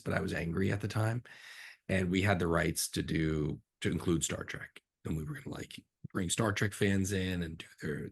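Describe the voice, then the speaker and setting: A man, a film director, telling animated behind-the-scenes stories in a casual interview, jumping up in pitch when he acts out disbelief. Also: gravelly, slightly rough. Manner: animated storyteller, swings up sharply in pitch for incredulous reactions.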